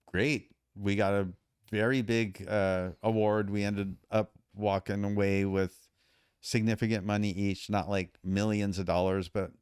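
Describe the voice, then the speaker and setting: A man's voice: on the low side, a little slow, smooth, dry recording, studio quality. A middle-aged man, a podcast guest, telling his story emphatically and acting out the dialogue. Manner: emphatic, animated retelling with quoted dialogue. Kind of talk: storytelling in conversation.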